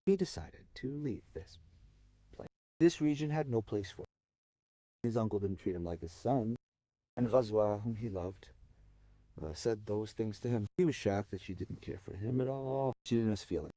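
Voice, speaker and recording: Lively, mellow-voiced male storyteller. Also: fairly low pitch, normal speed, pauses often, dry recording. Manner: expressive, swings from soft to emphatic. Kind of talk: dramatic oral storytelling.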